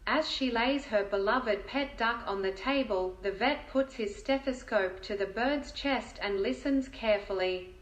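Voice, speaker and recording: A woman reading a joke aloud as a narrator, in a steady, even storytelling manner. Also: fairly high pitch, measured pace, reverberant, rough recording.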